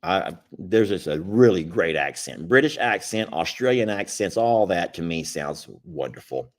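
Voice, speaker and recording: A man's voice: deep voice, animated, measured pace. A middle-aged man, hosting a live stream in a folksy, rambling, casual way and chuckling often.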